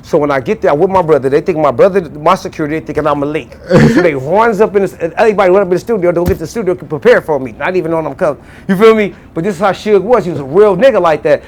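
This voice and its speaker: A man from Los Angeles with a noticeably high voice, telling a story as an interview guest. He talks in loose street slang, stops and restarts his sentences, and keeps the telling lively. He sounds middle-aged. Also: rapid-fire, hardly any pauses. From Los Angeles, USA. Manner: acts out quoted voices with big jumps up in pitch. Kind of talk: animated storytelling.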